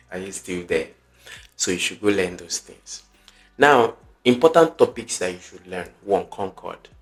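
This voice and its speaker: Deep-voiced man teaching exam prep. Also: lively intonation, measured pace, a bit bright. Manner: chatty teacher, peppers talk with okay and right; emphatic, repeats key points. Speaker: exam tutor. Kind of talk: online exam-prep lesson.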